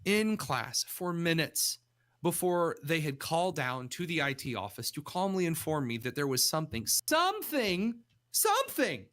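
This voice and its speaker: Young guy on a radio show, bright voice, animated storyteller, close studio mic. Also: moderate pace. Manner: animated storyteller, jumps pitch for quoted voices. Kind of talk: casual radio chat.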